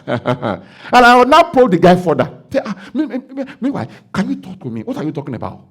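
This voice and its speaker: A Nigerian pastor preaches with a lively, swooping delivery and a gravelly edge in his voice. He acts out the dialogue of his story and rises into loud declarations. His voice sits a little high for a man. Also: brisk, few pauses. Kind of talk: sermon with told story.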